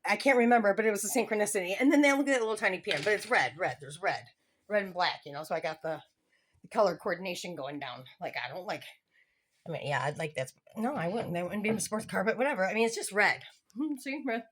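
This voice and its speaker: A woman's voice: medium pitch, expressive, a little fast, slightly rough. Middle-aged woman, home phone vlog, rambling and giggly, drifts into tangents. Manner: meandering, giggly, chatty with tangents. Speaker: vlogger. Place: at home, indoors. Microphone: handheld phone camera filming the room, face off screen.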